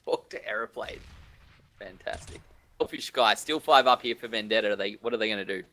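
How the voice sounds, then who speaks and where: A man casting a live esports match, excitable and teasing his co-hosts. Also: on the low side, fast talker. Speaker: esports caster. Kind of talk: live game commentary.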